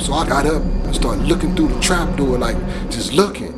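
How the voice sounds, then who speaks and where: A man's voice: medium pitch, lively intonation, moderate pace, over loud music. A man recounting a traumatic childhood memory in casual, profane storytelling. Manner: profane, conversational, vivid. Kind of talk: personal storytelling.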